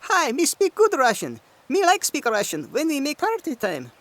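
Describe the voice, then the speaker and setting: Man playing a high, bouncy party-loving woman in broken English, dry close sound. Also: wildly swooping pitch, normal speed, a bit bright, no room sound, heavily acted. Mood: giddy.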